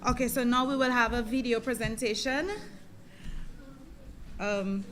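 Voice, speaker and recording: Female emcee, slightly high voice, upbeat and brisk. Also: steady tone, fairly bright tone, a little hiss or hum. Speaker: master of ceremonies. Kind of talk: emceeing a ceremony.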